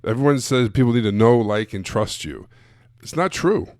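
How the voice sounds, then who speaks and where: A man's voice: medium pitch, animated, normal speed, a little mellow, dry recording, clean studio sound. A man giving a blunt, casual live-streamed coaching talk to sales coaches, full of emphatic asides.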